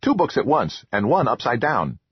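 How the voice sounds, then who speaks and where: A man voicing a small, excitable, childlike male troll who talks about himself in the third person in a high, eager voice. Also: normal speed, slightly rough, no room sound, dull audio.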